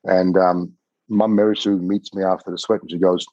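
Aussie bloke telling a story on a podcast, low husky voice, dry kinda dull sound. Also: male voice, little pitch movement, normal speed, dark tone, dry recording. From Australia. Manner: vivid, repeats words, swears casually. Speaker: podcast guest. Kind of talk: animated personal storytelling. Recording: slightly muffled dry recording.

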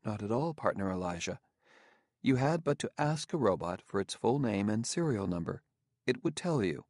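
A man's voice: lowish voice, no echo, clean studio sound. A man voicing a polite humaniform male robot who speaks evenly and precisely in an audiobook. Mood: calm. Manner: even, precise and unhurried.

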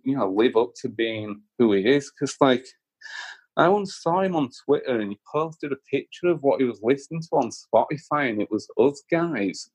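A man's voice: mid-range voice, slightly rough, no echo. A man, a guest musician, casually telling a long anecdote, rambling with lots of fillers and restarts and putting on voices for the people he quotes. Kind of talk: casual storytelling.

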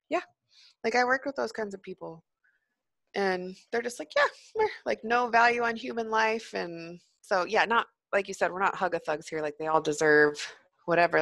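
A woman's voice: on the low side, a bit bright, no room sound. A young adult woman, a former prison teacher, telling blunt, profane stories in a casual podcast chat.

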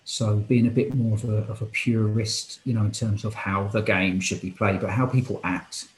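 A man's voice: fairly low pitch, steady tone, normal speed, a little hiss or hum. A man who coaches football and futsal, talking earnestly and with passion as a guest in a casual podcast interview, thinking aloud as he goes. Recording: roomy echo.

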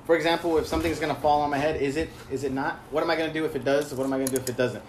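A man's voice: a little high, fairly even intonation, rapid-fire, slight background noise. A man talking casually with friends, rambling and laughing often. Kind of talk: casual chat.

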